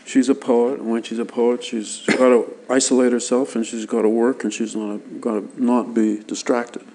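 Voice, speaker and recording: A man from Canada answering interview questions in a relaxed, thoughtful way, often stopping and restarting his sentences. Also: mid-range voice, moderate pace. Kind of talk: casual interview chat.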